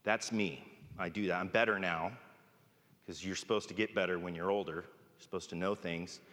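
A man's voice: low voice, steady tone, moderate pace, a bit bright. A man preaching a sermon in a conversational way, often checking in with "right?". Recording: long reverb of a large hall.

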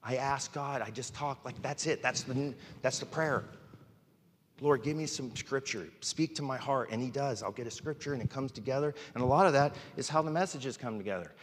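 A man's voice: medium pitch, moderate pace, big-room sound. A male pastor preaching a candid, informal sermon from the pulpit, speaking frankly and poking fun at himself. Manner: candid, informal, self-deprecating. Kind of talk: conversational sermon. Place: church sanctuary.

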